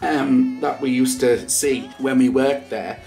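A man's voice: medium pitch, fairly even intonation, takes it slowly, gravelly, dark tone, soft background music. A young man chatting on a vlog, teasing his partner and rambling through stories. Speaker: vlogger. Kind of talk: casual chat.

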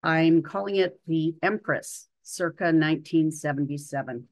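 A woman in her sixties reading her own personal story aloud in a measured, literary way. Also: deep voice, dry recording.

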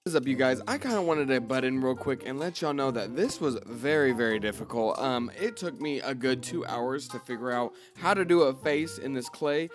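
A man's voice: mid-range voice, animated, moderate pace, few pauses. A young man giving a chatty, casual voice-over about his craft project. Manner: chatty, confiding. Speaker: craft vlogger. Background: music.

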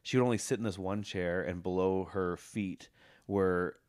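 A young man with a low, deep voice co-hosting a casual podcast chat. He jokes and tells rambling stories, slipping into quoted voices. The sound is dry and close. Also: steady tone, normal speed, a little mellow, no echo. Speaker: podcast co-host.

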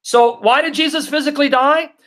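During a live Q&A stream on the Bible, a man with a very high, somewhat bright voice and fairly even intonation reads scripture slowly and deliberately. He answers comments from viewers, repeating his questions with emphasis to underline each point.

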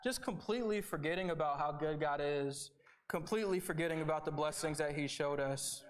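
Young guy preaching, high-ish voice, chatty and earnest, keeps saying right. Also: brisk. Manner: conversational, earnest, with repeated starts and "right?" asides. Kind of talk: sermon.

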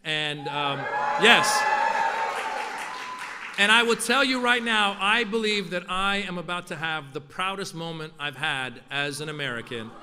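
A man's voice: a little high, a little slow, a loud crowd. A man from Iran, raised in Northern California, doing stand-up as an event host with playful, punchy delivery. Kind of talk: stand-up comedy at a formal event. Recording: echoey hall with faint noise.

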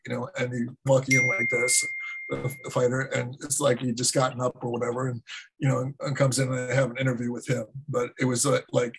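A man's voice: mid-range voice, breathy edge, poor audio. A middle-aged man, a martial arts instructor, telling a story as a guest with many fillers and restarts. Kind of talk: casual anecdote storytelling.

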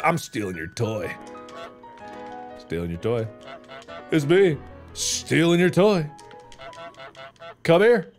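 A man commentating a video game playthrough in a goofy, taunting way, swinging between loud shouts and mutters. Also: a little high, very animated, slow pace, pauses often, soft background music. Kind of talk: let's play commentary.

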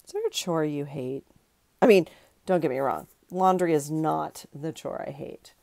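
A woman's voice: sits low, normal speed, mellow, no room sound. A middle-aged woman hosting a craft video, chatting in a rambling, giggly way and correcting herself as she works. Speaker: craft channel host. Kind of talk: casual chat while crafting.

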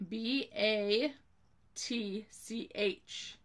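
In a children's spelling lesson, a woman moves slowly, spelling each word carefully letter by letter and giving a sentence as an example. Her medium-pitched voice is gravelly and fairly bright, with fairly even intonation.

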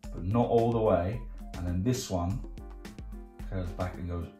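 A low, unhurried male voice hosts a children's art club, explaining the drawing step by step. He keeps it playful and full of jokes and chatter, and the recording sounds roomy with faint music.

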